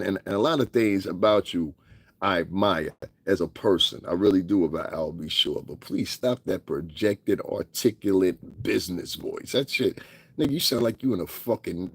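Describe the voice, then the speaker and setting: Husky, profane New man ranting. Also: low voice, normal speed, dry recording. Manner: profane, laughing, mocking impressions. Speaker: commentary vlogger. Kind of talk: casual rant commentary.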